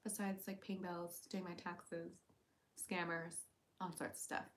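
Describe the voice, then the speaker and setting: A woman's voice: flat delivery, unhurried. A woman hosting a casual livestream, reading viewer comments aloud in a playful, chatty way. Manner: jumps to a high baby voice when calling her cat. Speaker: livestream host.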